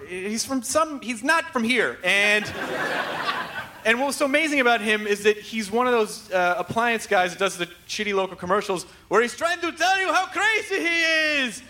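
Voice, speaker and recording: A man's voice: very high voice, sharp tone. A man hosting a live comedy podcast on a theater stage, hyper, rambling and profane. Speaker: podcast host. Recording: live venue with crowd noise.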